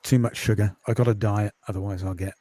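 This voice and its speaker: A man from the UK, a podcast host and course creator, chatting in a quiet, calming voice with many ums in a casual interview over a video call. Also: on the low side, quick pace, dry recording. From United Kingdom.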